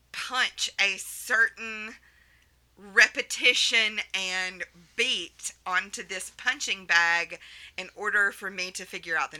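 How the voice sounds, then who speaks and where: A woman with a very bright, sharp-edged voice tells a story in easy, casual chat. She is animated and breaks into laughter often. Her pitch sits in the middle for a woman. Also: rough recording. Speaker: podcast co-host.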